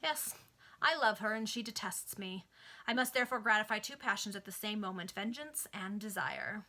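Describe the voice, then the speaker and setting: A scheming gentleman villain who makes his threats in a calm, measured tone, as read aloud by a woman. The voice stays bright and clear. He never hurries or raises his voice to menace. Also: mid-range voice, close to an everyday voice. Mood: cold.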